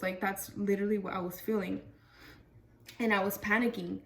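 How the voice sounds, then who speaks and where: A woman's voice: medium pitch, steady tone, fairly quick, a little hiss or hum. Young female vlogger, casual storyteller, filler-heavy delivery, recorded a little off-mic. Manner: chatty, lots of fillers and "freaking". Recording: voice a bit far from mic.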